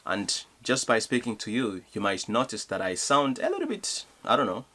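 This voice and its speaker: Young man, Congolese accent, mid-pitched voice, earnest motivational vlogger who encourages his audience. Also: sing-song, moderate pace, pushed and bright. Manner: earnest and encouraging, asks rhetorical questions. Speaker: youth speaker. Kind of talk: motivational vlog.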